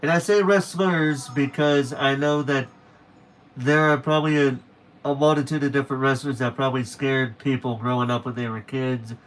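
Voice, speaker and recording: A man's voice: mid-range voice, steady tone, moderate pace. A young man chatting casually to viewers on a late-night stream, rambling and correcting himself as he goes.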